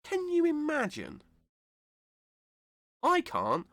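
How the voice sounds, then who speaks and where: A British man hosting a gaming channel, talking through a let's-play while unwell with a cold, chatty and rambling, correcting himself and bursting into excitement. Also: extremely high pitch, slow, no echo. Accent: British English. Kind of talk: casual let's-play commentary.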